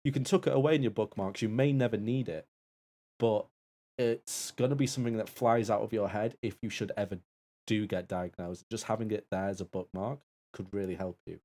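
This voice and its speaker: A man with a fairly low voice talks into his stream mic, making a sincere appeal. He rambles and restarts, but the tone stays earnest. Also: fairly quick, mellow. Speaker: co-host and Taskmaster assistant.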